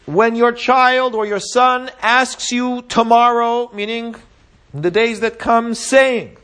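A man's voice: extremely high pitch, fairly even intonation, moderate pace, fairly bright tone. A man teaching a Torah class, reading Hebrew verses and explaining them step by step, often checking in with "right?" and "yeah?". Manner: reads Hebrew verses aloud and translates them.

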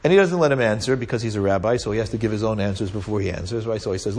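Racing along with few pauses, a man with a lowish, darkish voice teaches a Talmud class. It's lively Torah-class storytelling: he recounts a tale using Hebrew and Aramaic terms and keeps checking in with "right?"

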